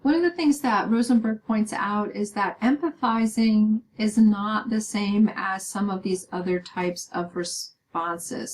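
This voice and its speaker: Woman, lecturer, slightly higher voice, explanatory, keeps checking "right?". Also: darkish tone, slight background noise, poor audio. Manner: explaining with frequent "um" and "right?" tag questions. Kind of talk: recorded lecture.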